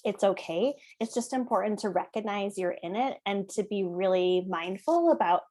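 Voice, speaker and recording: A woman's voice: mid-range voice, lively intonation, moderate pace, hardly any pauses, mellow. A woman in her thirties giving a presentation to parents. She talks conversationally, often checks in with "right?", and acts out short exchanges between parents and kids. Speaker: parenting educator.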